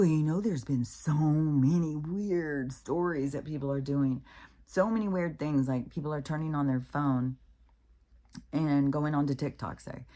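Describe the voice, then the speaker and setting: A middle-aged woman with a low voice talks casually on her own channel. She rambles from one odd story to the next, laughing often and acting out the voices of the people in them. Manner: chatty, animated, laughs often, acts out quoted voices. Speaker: vlogger.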